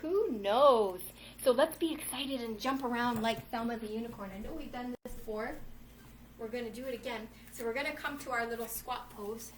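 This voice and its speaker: Reading a storybook as she guides kids through yoga poses at home, this children's yoga instructor keeps things upbeat and encouraging, addressing them as "friends." Her voice is a little high and fairly bright, with a steady tone and a slightly quick pace. Recorded on a distant mic, it sounds roomy, with faint ambience and a touch of background noise.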